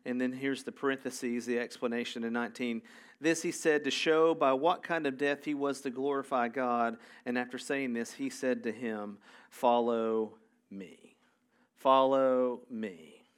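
A man's voice: medium pitch, little pitch movement, moderate pace, clean tone. A man preaching a sermon in a conversational way, reading scripture aloud and adding casual asides. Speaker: pastor.

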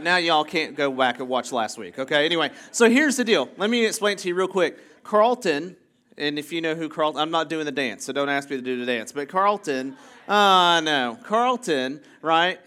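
A male pastor with a slightly higher than usual voice, talking through his sermon in a loose, chatty way. He breaks off for jokey asides and keeps checking in with the room by asking "right?". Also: moderate pace, bright, forceful tone. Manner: self-interrupting, jokey asides. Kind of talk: casual conversational sermon.

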